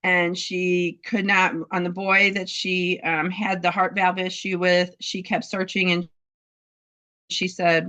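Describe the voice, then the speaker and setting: A woman telling a heartfelt story about her dogs' health, halting, with many fillers and restarts. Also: fairly low pitch, level tone, bright, forceful tone. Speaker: dog breeder sharing a testimonial. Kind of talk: casual testimonial in a group talk.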